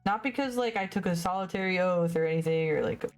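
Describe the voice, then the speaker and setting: A woman's voice: on the low side, quick pace. A young woman streaming as she paints, chatting in a rambling way and often stumbling over her words. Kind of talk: casual livestream chat while painting. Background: faint music.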